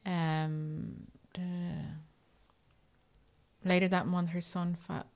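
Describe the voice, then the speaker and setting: A woman's voice: on the low side, level tone, slow pace, a little mellow. A woman co-hosting a podcast, reading facts aloud in bursts between casual chat. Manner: reads facts aloud in bursts, then chats. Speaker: podcast co-host.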